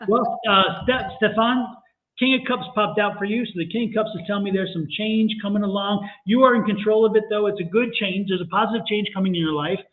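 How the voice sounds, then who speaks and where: A man's voice: high-pitched, brisk, phone-quality sound. A man reading tarot on a casual livestream, playful and jokey as he talks. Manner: playful, jokey, lively storytelling. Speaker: tarot reader.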